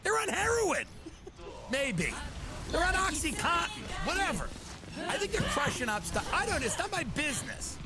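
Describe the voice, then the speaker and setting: A man's voice: very high voice, very animated, moderate pace, gravelly. A man, a stand-up comedian, telling a story as a profane comic rant and acting out other people's lines. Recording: loud music behind the voice.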